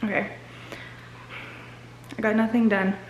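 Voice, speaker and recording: Speaking a little slowly in a level, medium-pitched voice, a tired vlogger and mom in her thirties rambles a bit as she talks candidly to her viewers from the stairs inside her home. The audio is dull and roomy, with a crowd audible behind her.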